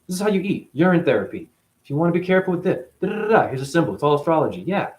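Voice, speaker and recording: A man's voice: on the high side, big pitch swings, racing, a little mellow, roomy sound. A man hosting a spiritual talk show, rambling through a monologue full of rhetorical questions and playful asides.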